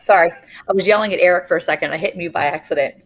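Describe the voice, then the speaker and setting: Animated woman joining a livestream by video call. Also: lowish voice, racing. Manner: animated, storytelling, exclamatory. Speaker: livestream guest. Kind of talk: casual chat.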